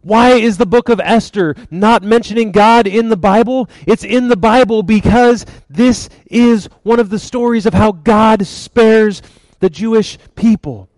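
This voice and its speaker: A man preaching a sermon, retelling a story in a lively, conversational way. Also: sits high, unhurried, no echo, low-quality recording. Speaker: pastor.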